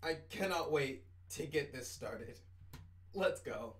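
A man doing let's play commentary as a gaming streamer, excitable, swinging between hushed murmurs and shouts. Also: fairly high pitch, takes it slowly. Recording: roomy room, distant mic, game music.

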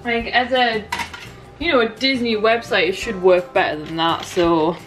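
A woman's voice: mid-range voice, fairly even intonation, moderate pace, music in the background. A young woman talking casually in a vlog, chatty and flustered, tired and stressed. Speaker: vlogger.

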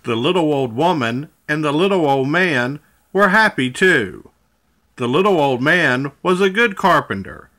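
A male storyteller reading a children's picture book aloud. He takes a very slow, measured pace, and his voice is bright and slightly high. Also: sing-song.

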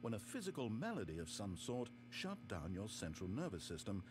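A man's voice: lowish voice, wildly swooping pitch, brisk. A man voicing a dry, sardonic narrator in a game, with wry, theatrical, exasperated asides. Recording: game audio with music behind.

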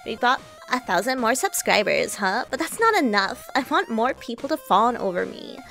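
A woman's voice: fairly high pitch, sing-song, moderate pace, gravelly, a bit bright, soft background music, full character voice. A woman doing a clingy Valley Girl streamer. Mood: needy. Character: clingy young woman streamer craving approval.

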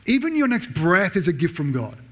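A man delivering a sermon to his congregation, his voice sitting a little high for a man. He preaches with animation and jumps up in pitch to act out sarcastic lines. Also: brisk. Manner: animated preaching, pitch jumping up when voicing Paul's sarcasm. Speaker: pastor. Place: church.

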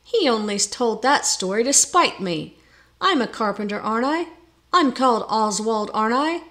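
A woman's voice: a little high, animated, normal speed, fairly bright tone. A woman doing a sulky, aggrieved carpenter. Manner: indignant, whining questions.

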